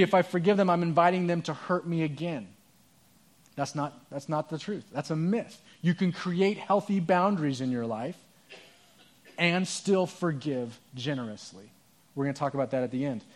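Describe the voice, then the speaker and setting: A pastor preaching a sermon, telling a story in an earnest, conversational way. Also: male voice, on the high side.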